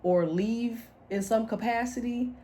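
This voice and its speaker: A woman's voice: on the high side, a little slow, dark tone. A woman doing a casual tarot reading to camera, blunt and slangy, talking animatedly and laughing often. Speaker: tarot reader.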